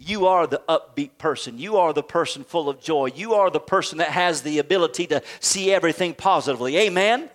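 A male pastor preaching a sermon with a call-and-response style, sometimes building to shouts. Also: fairly high pitch, lively intonation, fairly quick, hardly any pauses.

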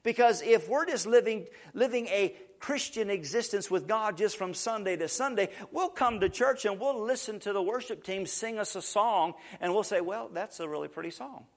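A man preaching a sermon to his congregation, repeating words as he builds emphasis and swinging between quiet asides and loud proclamations. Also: high voice, moderate pace, hardly any pauses. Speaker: pastor.

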